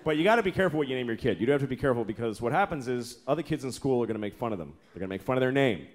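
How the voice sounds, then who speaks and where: In a live comedy club recording, a man in his thirties performs stand-up in a mid-range voice, animated and rapid-fire. He is profane and exasperated and slips into mock voices. Loud crowd and room noise surround him, with audience laughter in the background.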